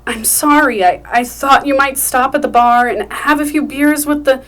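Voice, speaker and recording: A woman's voice: high voice, moderate pace, a bit bright, pitched above the performer's own voice. A woman reading the part of a young mother in her mid-twenties, tender and pleading.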